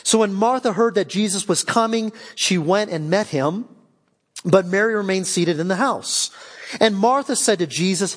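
A man, a guest pastor, preaching a sermon, reading scripture slowly and then pressing questions with rising emphasis. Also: sits high, big-room sound.

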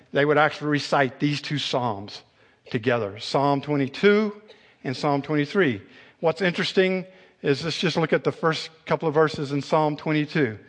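A male pastor preaching a sermon, with slow, deliberate phrasing that builds to loud, emphatic repetition. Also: fairly high pitch, long reverb tail.

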